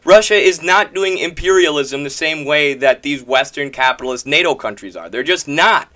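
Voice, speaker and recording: A man's voice: a little high, animated, moderate pace, pushed and bright. A man from the American Midwest giving emphatic, combative political commentary, hammering his points through repetition.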